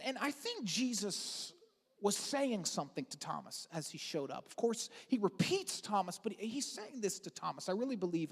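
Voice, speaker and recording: A lead pastor giving an Easter sermon in an energetic, conversational way with casual asides and fillers. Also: medium pitch, big-room sound. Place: large church auditorium.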